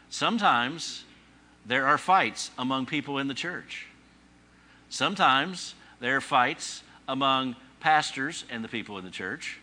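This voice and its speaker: Bright-voiced man teaching a sermon. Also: mid-range voice. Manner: conversational teaching with rhetorical questions and dry humor; emphatic repetition, rising on key phrases. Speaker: pastor.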